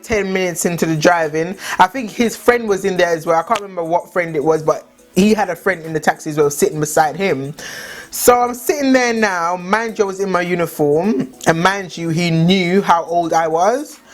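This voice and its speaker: A woman's voice: on the low side, moderate pace. A young woman telling a story in a chatty way, many "like" fillers. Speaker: vlogger. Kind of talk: casual storytime chat.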